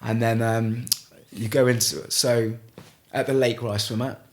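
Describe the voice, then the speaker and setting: A middle-aged man from Gloucester, telling a story as a podcast guest in a halting way, with frequent restarts. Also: mid-range voice, level tone. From Gloucester, England. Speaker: guest, ice swimmer. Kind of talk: casual storytelling in a podcast interview.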